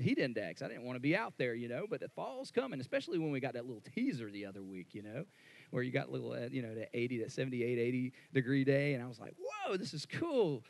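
Conversational pastor preaching. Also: male voice, creaky, no echo. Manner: conversational, rises louder and higher when worked up; repeats words and restarts often. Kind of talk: sermon.

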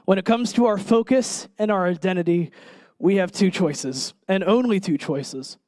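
A man preaching a sermon in an earnest, emphatic way, pausing and putting direct questions to his listeners. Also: sits high, a little mellow, no room sound.

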